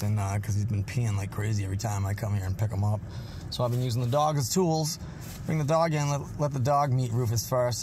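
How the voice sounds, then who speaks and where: Dog trainer guy from massachusetts, rambling casual vlog talk, baby-talks the pups, noisy outside. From Massachusetts, USA. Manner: chatty, talks to the dogs in a high baby voice.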